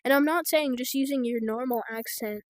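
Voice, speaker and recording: A woman's voice: high voice, brisk, slight background noise. An American woman giving game trading tips in rambling, casual commentary, full of fillers like "like" and "so". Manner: rambling, filler-heavy, offhand.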